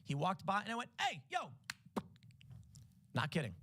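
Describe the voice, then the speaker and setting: A male live-stream host tells a story in a lively, casual way and acts out each person's lines. His voice sits a bit high for a man. The recording is dry and close, with no room echo. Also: rapid-fire. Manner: animated storyteller who acts out the dialogue in changing voices.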